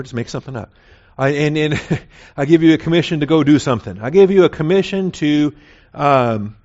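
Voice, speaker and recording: A man's voice: on the high side, a little mellow. Man teaching Bible class, dull lo-fi sound. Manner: conversational, often checks in with "all right?". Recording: dull lo-fi recording.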